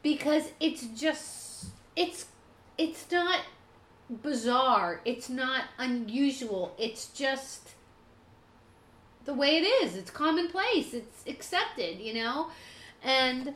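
A woman co-hosting a casual chat, emotional and talking fast in bursts. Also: high-pitched, expressive, a bit bright. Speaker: podcast co-host. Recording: echoey room.

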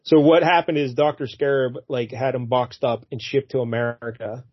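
A man's voice: medium pitch, steady tone, normal speed, slightly rough, no room sound. A man co-hosting a podcast, casually recapping a comic book and putting on silly voices for the characters. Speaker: podcast co-host. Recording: dull lo-fi dry recording.

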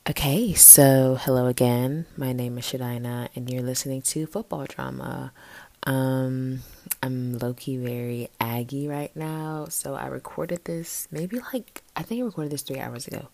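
A woman's voice: a bass voice, a little slow, gravelly, mellow. A young woman hosting her own casual sports podcast, chatting with lots of fillers and playful asides into a home mic. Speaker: podcast host.

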